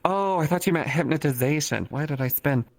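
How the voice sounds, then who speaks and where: A man as an interview guest in a casual chat, joking crudely in a deadpan way. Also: a little high, a little fast.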